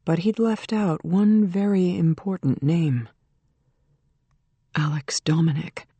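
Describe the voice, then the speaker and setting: Measured audiobook narrator, dry studio sound. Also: mid-range voice, mellow, slightly rough, no echo. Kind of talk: scripted narration.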